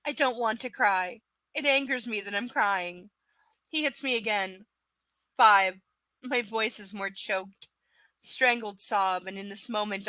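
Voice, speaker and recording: A woman with a high, bright voice reads a book aloud live. She keeps stopping to tear into the characters with sarcastic, swear-filled rants. The recording sounds dry and close. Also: no room sound. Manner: profane, sarcastic, exasperated ranting. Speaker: host reading a novel aloud on a livestream. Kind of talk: live book reading with ranting commentary.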